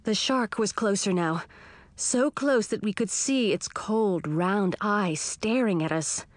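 A woman giving scripted first-person narration of a children's story in a clear, even storytelling manner. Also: mid-range voice, slow, no echo. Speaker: audiobook narrator.

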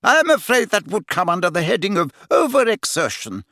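A man reading an audiobook, voicing a brisk, bossy older female school nurse with a firm, fussing, no-nonsense manner. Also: sits high, big pitch swings, pushed and bright, no room sound, clean studio sound, pitched above the performer's own voice, heavily acted. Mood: stern. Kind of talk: audiobook character voice.

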